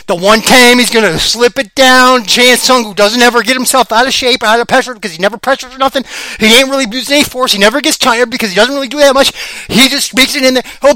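Excitable, high-voiced man rambling fight picks. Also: no echo. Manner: rambling, excitable, repeats himself. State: slightly out of breath. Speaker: podcast host. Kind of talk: casual fight-pick commentary.

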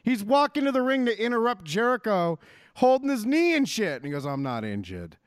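A man's voice: very high voice, lively intonation, fairly quick, clear, resonant tone, no echo, clean studio sound. A man co-hosting a casual wrestling chat, ranting animatedly and swearing freely. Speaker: podcast co-host.

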